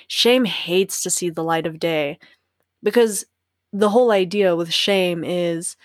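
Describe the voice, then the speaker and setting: Alone on her podcast, a young woman reflects candidly, often laughing as she performs the voices inside her head. She speaks in a lowish register, captured in clean studio sound without any room tone.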